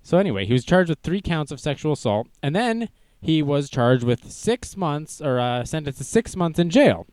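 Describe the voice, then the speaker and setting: A man's voice: fairly high pitch, big pitch swings, normal speed, darkish tone, no room sound. A young man hosting a casual livestream news show, joking and self-deprecating as he goes. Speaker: news stream host.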